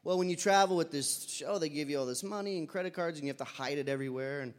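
Male storyteller, slightly high voice, chatty with fillers, long hall reverb. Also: quick pace. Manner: conversational, with fillers and animated quoted voices. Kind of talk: live personal storytelling.

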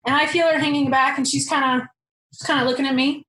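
A young woman telling a personal story in an animated, candid way, swearing casually. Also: high voice, fast. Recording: roomy echo.

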